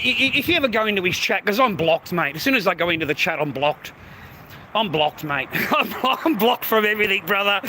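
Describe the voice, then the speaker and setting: A man's voice: high voice, background noise. A man hosting a livestream in a crude, sweary ranting chat, mocking his viewers and laughing often. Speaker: livestream host.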